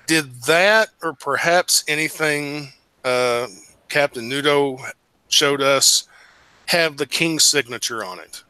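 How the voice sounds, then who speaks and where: A man's voice: fairly high pitch, takes it slowly, bright, forceful tone, smooth, dry recording, poor audio. A man playing a tabletop game who asks questions in a hesitant, polite way. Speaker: player.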